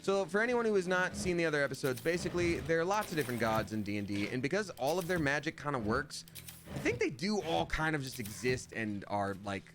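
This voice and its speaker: Chatty male streamer with lively pitch. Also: fast, over music. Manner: chatty, playful, jumps into silly voices. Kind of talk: casual livestream gaming commentary.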